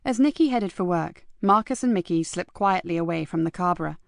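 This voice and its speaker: A woman reading a crime audiobook in a measured, even voice. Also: lowish voice, gravelly, dry recording, studio quality. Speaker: audiobook narrator. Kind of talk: scripted narration.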